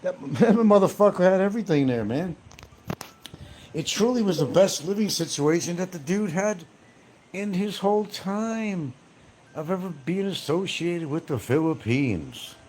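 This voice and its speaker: A man's voice: sits high, animated, a little slow, darkish tone. Male livestream host, casual and profane, voice swinging up and down, faint noise behind. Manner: profane, laughing along, loose and rambling. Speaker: livestream host reading chat. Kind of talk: casual rambling chat.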